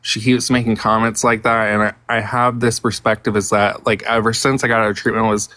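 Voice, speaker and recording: A man with a lowish voice speaks in a casual group chat, hesitating and restarting as he explains himself. The sound is dry and close, with no room around it. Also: flat delivery, a little fast, bright, forceful tone, no room sound. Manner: hesitant, many fillers and restarts. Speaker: participant in a group live audio chat.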